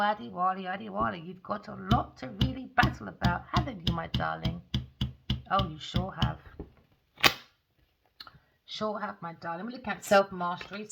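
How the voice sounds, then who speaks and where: A woman's voice: medium pitch, creaky, a bit bright, a little hiss or hum. A woman doing a casual tarot reading in a theatrical, sassy way, often swearing. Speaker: tarot reader.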